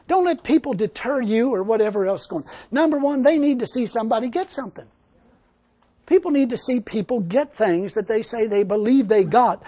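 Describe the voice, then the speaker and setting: A man's voice: very high-pitched, a little fast, warm tone. A man preaching a sermon to a church congregation, folksy and emphatic, with casual grammar. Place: church service.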